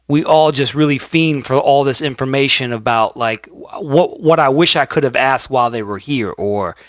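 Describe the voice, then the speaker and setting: A man's voice: mid-range voice, moderate pace, no room sound, studio quality. A man hosting a podcast, asking questions in a rambling, effusive casual chat. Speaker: podcast host.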